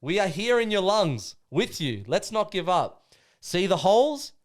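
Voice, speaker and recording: A man's voice: high-pitched, sing-song, measured pace, pitched above the performer's own voice. A man with an Australian accent voicing a pack of wild, laughing male spirit brothers who taunt and cheer him on. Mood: rallying. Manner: loud, cackling, taunting encouragement.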